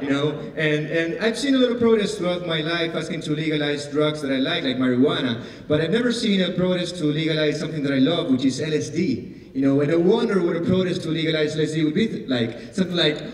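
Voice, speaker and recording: Fast-talking Argentine-accented stand-up comic. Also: male voice, on the high side. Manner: fast, deadpan. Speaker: stand-up comedian. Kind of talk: stand-up set. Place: theater stage. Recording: echoey theater hall from far off.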